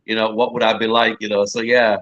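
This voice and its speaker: Brief: rambling male guest from northern England, bright tense tone, lo-fi call audio. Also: lowish voice, level tone, a little fast. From northern England, near the Scottish border. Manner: chatty, rambling, repeats words for stress. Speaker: poet and guest. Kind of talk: casual interview chat. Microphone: video call. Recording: lo-fi streamed video call.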